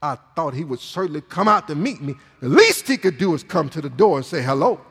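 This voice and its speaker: A man voicing a proud, indignant male army commander who rants in quick, offended bursts. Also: sits high, lively intonation, pitched below the performer's own voice. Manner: affronted, ranting, rapid bursts. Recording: long reverb in a large hall.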